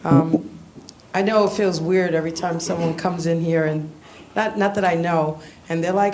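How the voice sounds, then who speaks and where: A woman visiting a church, giving a tearful, halting personal testimony with nervous laughs. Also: lowish voice, fairly even intonation, a little mellow, slight background noise.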